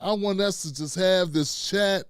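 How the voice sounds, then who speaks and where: Here a middle-aged man's clear, resonant, high voice moves at a measured pace. He hosts a laid-back live stream, talking loosely to the chat and his producer with frequent "man" and "fam," and the studio sound is clean with no echo.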